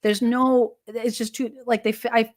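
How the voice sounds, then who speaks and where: A woman co-hosts a casual livestream, her voice a touch higher than most. She talks hesitantly, with many restarts. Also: level tone, normal speed, darkish tone. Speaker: co-host.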